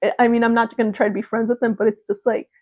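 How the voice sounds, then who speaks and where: A woman's voice: on the high side, level tone, rapid-fire, darkish tone, dry recording. A young woman vlogging in a casual chat to camera, talking freely and laughing often. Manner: chatty, laughs often, mimics gushing voices.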